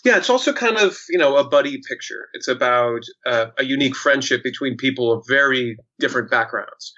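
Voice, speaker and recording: A man's voice: mid-range voice, animated, fairly quick, sharp tone. A man, an actor, telling a story in casual chat, with many fillers and restarts. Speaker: actor guest. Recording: dull lo-fi sound.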